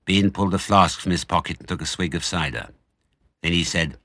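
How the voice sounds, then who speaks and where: An older man narrating a children's story with dramatic, expressive reading. His voice is low yet bright, rising and falling widely. It sounds dry and close. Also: a little fast, breathy edge, dry recording.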